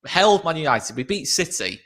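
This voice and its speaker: A man's voice: a little high, sing-song, fairly quick, fairly bright tone. A man hosting a casual football chat, chatty, laughing often and restarting his sentences. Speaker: podcast host.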